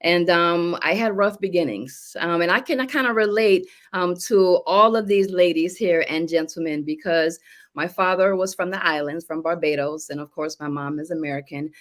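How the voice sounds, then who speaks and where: A middle-aged woman speaks slowly and earnestly, clearly moved as she shares her story with a panel. Her voice sits fairly low. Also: steady tone. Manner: emotional, slow and earnest. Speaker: business testimonial speaker. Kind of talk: personal testimony on a panel.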